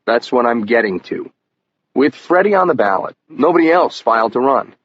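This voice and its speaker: A man's voice: medium pitch, big pitch swings, moderate pace, fairly bright tone, breathy edge. Man narrating a crime audiobook. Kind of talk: scripted first-person audiobook narration. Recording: muffled lo-fi audio with faint hiss.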